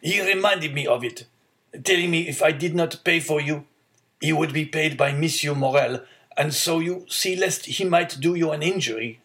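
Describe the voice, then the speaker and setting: A man voicing a frail, poor old father who speaks gently and softly in an audiobook. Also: on the high side, normal speed, voice pushed up. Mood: gentle. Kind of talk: audiobook character reading.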